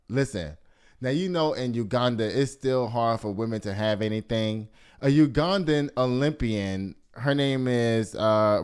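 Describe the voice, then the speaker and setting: A man hosting a casual gossip news show, sassy and animated, laughing often and calling his listeners y'all. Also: medium pitch, clear, resonant tone. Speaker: host.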